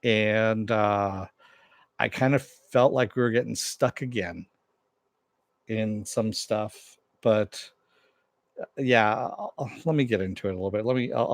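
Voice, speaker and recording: Man, low voice, dry close sound, casual show recap, rambling with fillers. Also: normal speed, dry recording. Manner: rambling, frequent fillers and restarts. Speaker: TV show reviewer.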